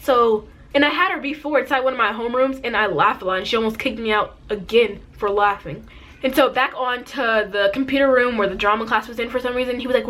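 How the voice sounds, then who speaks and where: A woman's voice: fairly high pitch, fast talker, a bit bright. Chatty teen girl telling a story. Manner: chatty, many "like" fillers, laughs easily. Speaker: vlogger. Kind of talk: casual storytime.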